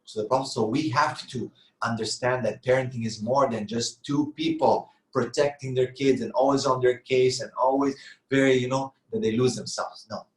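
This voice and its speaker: A man's voice: medium pitch, fairly even intonation, normal speed. Earnest man preaching in an echoey room. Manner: earnest, rhetorical questions and answers. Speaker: Islamic lecturer. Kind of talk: sermon-style talk on parenting.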